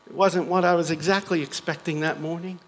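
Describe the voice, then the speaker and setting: A middle-aged man with an American accent and a notably high-pitched voice shares a personal testimony before a congregation. His storytelling is earnest and unhurried, broken up now and then by dry jokes at his own expense. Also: fairly even intonation, rough recording. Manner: earnest storytelling with light self-deprecating humor. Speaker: guest speaker.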